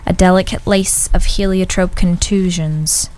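A woman, a guest poet on a radio show, reading her poem in a measured, deliberate way. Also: fairly low pitch, steady tone, darkish tone, a little hiss or hum, low-quality recording. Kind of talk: poetry reading.

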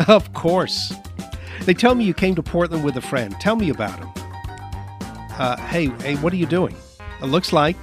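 Guy hosting a silly radio bit, deadpan, talks everything through, faint music under it. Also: on the high side. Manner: deadpan, describing the action aloud. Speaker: radio host. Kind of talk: comic radio sketch, interviewing a silent mime. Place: radio studio.

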